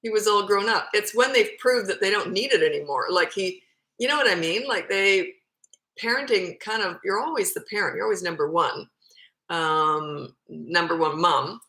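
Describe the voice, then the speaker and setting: Woman, 50s, parenting coach doing casual Q&A; bright, forceful voice, blunt delivery, roomy echo. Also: medium pitch, moderate pace. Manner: blunt, matter-of-fact, answers questions read aloud. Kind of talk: casual Q&A advice.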